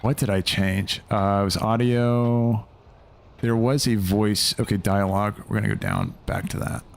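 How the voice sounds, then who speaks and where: A young man hosting a live gaming stream, his voice sitting low as he rambles through loose, casual commentary. He swears offhandedly and keeps talking while he plays. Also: expressive, normal speed, gravelly.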